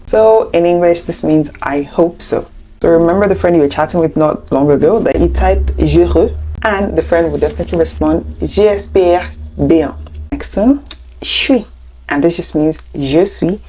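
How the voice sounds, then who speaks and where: A woman's voice: sits low, normal speed, warm tone. A young woman teaching an online language lesson, explaining step by step in a chatty way with playful asides. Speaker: French teacher.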